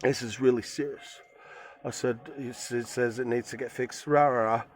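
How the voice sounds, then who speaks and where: A man's voice: mid-range voice, fairly even intonation, moderate pace, slight background noise. A man vlogging from his van in a forest, retelling a run-in in a rambling, emphatic way. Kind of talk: casual storytelling to camera.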